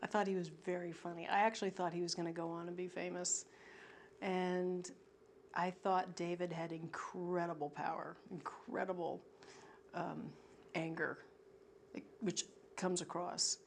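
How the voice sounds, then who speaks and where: A woman's voice: lowish voice, level tone, measured pace, creaky, slight background noise. Woman actress recalling fondly. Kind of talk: interview recollection.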